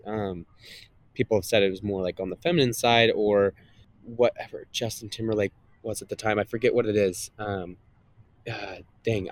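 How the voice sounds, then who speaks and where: A man, a guest and content creator, chatting casually in an interview with a slightly nasal voice, rambling with many fillers and restarts. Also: fairly low pitch.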